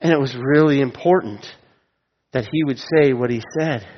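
A man's voice: mid-range voice, normal speed. A middle-aged man preaching a sermon, telling stories and asking the listeners direct questions. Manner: storytelling, asks listeners direct questions, chuckles at own jokes. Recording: dull sound with long hall reverb.

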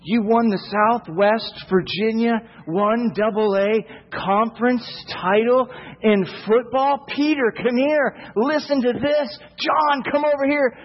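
A man acting out an excited man who is amazed and keeps calling his friends over. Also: sits high, normal speed, few pauses, long reverb tail, dull audio.

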